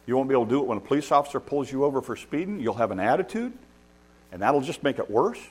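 A man's voice: medium pitch, animated, fast talker, darkish tone, husky. A man preaching a sermon as pastor, emphatic and repeating key points for stress.

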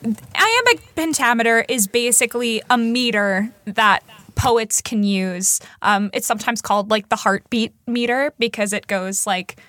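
A woman's voice: fairly high pitch, expressive, a little slow, a bit bright, dry recording. A young American woman co-hosting a podcast, chatting in a bubbly way and laughing often. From United States. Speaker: podcast co-host. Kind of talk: casual chat.

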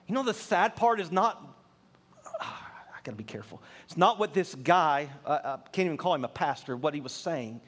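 A man preaching a sermon to his church, earnest and building from quiet asides to fervent appeals. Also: a little high. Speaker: pastor.

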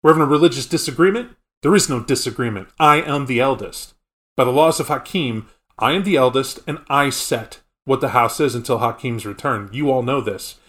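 A man's voice: mid-range voice, fairly quick, fairly bright tone, natural voice. A man voicing an ancient, domineering male vampire elder who talks blunt street slang. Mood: commanding.

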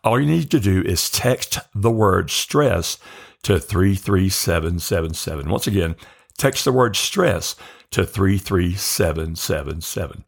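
A man hosting a faith podcast, leading a slow guided breathing prayer and repeating phrases calmly. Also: low-pitched, creaky, breathy edge. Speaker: podcast host.

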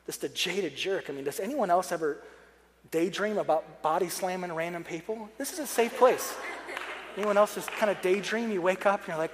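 A man's voice: high voice, brisk, slight background noise. A young adult man preaching a sermon, chatty and joking, turning earnest and pleading when he prays. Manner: conversational, joking asides, earnest prayer passages. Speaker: pastor. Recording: long hall reverb.

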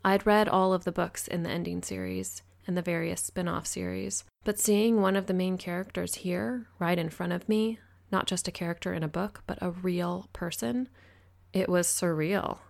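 Low, gravelly woman narrating. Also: steady tone, moderate pace, darkish tone. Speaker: audiobook narrator. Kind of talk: scripted first-person narration.

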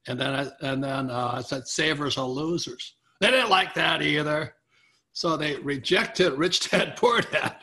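Speaking unhurriedly, this guest author shares a lengthy anecdote with his interviewer, performing the voices of the people he quotes. His man's voice sits slightly above average in pitch and is strikingly bright, and his lively, energetic delivery keeps the tale going.

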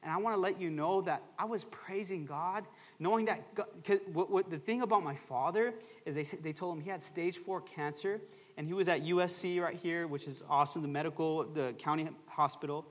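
A man's voice: on the high side, fairly quick, in a large hall. A middle-aged man, a pastor, preaching a sermon in a church with emphatic call-and-response phrases. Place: church sanctuary.

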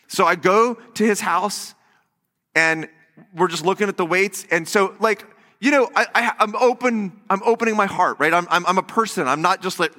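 A man's voice: high-pitched, normal speed, long reverb tail. A man preaching a sermon as pastor in a church, telling stories animatedly and acting out the quotes. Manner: animated storytelling with acted-out quotes. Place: church sanctuary.

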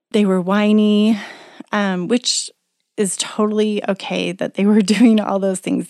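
A woman's voice: medium pitch, gravelly, darkish tone, no echo, studio quality. A middle-aged woman, a single mother, talking earnestly in a chatty, coaching motivational talk. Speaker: self-help speaker.

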